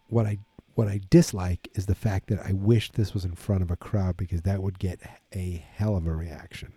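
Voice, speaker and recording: A man's voice: fairly low pitch, mellow, slightly rough, no room sound. A tired man hosting his own wrestling talk show, rambling casually with many fillers and restarts. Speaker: wrestling podcast host. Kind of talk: casual solo commentary.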